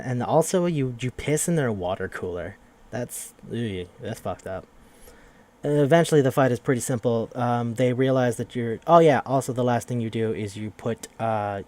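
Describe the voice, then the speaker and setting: A man's voice: medium pitch, darkish tone. A young man casually recapping a video game's story on a podcast, rambling and swearing as he acts out the characters' lines. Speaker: podcast host.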